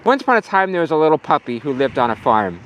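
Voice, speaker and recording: A male pastor preaching casually outdoors, telling a children's story. His voice sits high and swings widely in pitch, and he uses easy fillers. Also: very animated, fast, fairly bright tone, muffled recording, a little hiss or hum. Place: outdoors at a farm.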